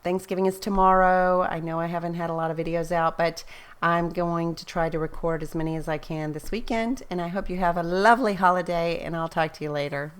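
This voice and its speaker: A woman's voice: fairly low pitch, fairly even intonation, brisk, clean tone. A middle-aged woman, a scrapbooking vlogger rambling in casual, chatty storytelling and laughing often. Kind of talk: casual chat.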